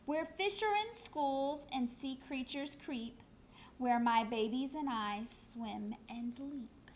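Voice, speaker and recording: Lady putting on a big gentle mama whale, lower voice, slow rhymes. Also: a little hiss or hum, poor audio. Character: mighty, kindly mother blue whale.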